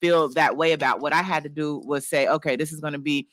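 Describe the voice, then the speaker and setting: A man speaks as a guest on a casual radio talk show. His voice is fairly high and very bright. He talks openly and reflectively, blunt and sometimes profane, and the studio sound is dry. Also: steady tone, fast talker, dry recording. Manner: open, reflective, blunt with swearing.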